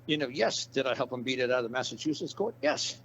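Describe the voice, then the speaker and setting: A man's voice: mid-range voice, animated, fast talker, a bit bright. A man giving a casual interview, blunt and profane, rambling through stories and repeating his points. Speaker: interview guest. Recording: dull lo-fi audio with background hiss.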